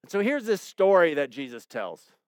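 A man's voice: high-pitched, sing-song, moderate pace, darkish tone, clean tone, dry recording, studio quality. A man preaching a sermon in a conversational way, retelling a parable and acting out its quoted lines. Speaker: pastor.

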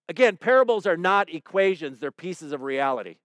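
A man's voice: high voice, fairly quick, hardly any pauses, dry recording, studio quality. A man preaching a sermon in a conversational way, retelling a parable and acting out its quoted lines. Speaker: pastor.

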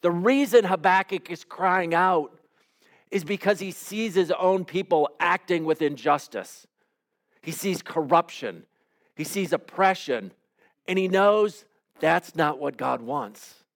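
A man preaching a sermon as pastor, in measured, emphatic phrases. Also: high-pitched, lively intonation.

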